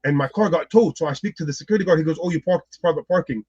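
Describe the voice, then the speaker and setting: A man telling a personal story as a guest, lively and acting out the people in it. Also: a little high, racing, breathy edge, no echo, dull audio.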